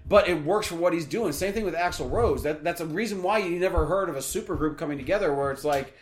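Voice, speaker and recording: A man's voice: a little high, fast. A man co-hosting a podcast, chatting casually with blunt, profane opinions. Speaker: podcast co-host. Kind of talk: casual chat.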